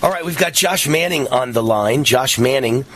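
A man hosting a talk radio show, reading an ad and speaking emphatically and indignantly, pushing up to near-shouts. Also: mid-range voice, moderate pace, slight background noise. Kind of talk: talk radio host and ad read.

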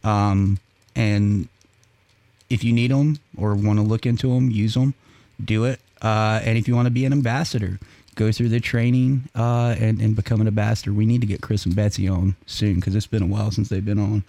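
A man's voice: lowish voice, fairly even intonation, moderate pace, vocal fry, dark tone, no echo. A man hosting a podcast in casual chat. He swears freely, laughs often and tells stories. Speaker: podcast host.

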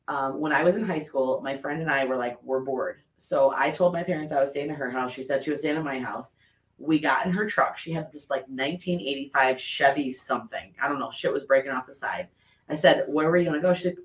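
A man hosting a podcast, telling stories in an animated way and swearing freely. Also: fairly high pitch. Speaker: podcast host. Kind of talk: casual chat. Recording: roomy sound from a distant mic.

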